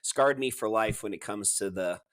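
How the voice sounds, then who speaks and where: A man's voice: lowish voice, moderate pace, a bit bright. A man hosting a podcast, asking long, rambling questions with many fillers. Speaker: podcast host. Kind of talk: casual interview questions.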